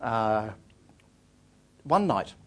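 Lively man telling travel stories. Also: lowish voice, extremely slow. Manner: lively, self-deprecating, with frequent restarts. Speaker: author giving a talk. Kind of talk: anecdotal storytelling to an audience.

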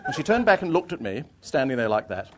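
A man, an author, telling travel anecdotes to an audience in a lively, self-deprecating way, often restarting his phrases. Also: medium pitch, quick pace. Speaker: author giving a talk.

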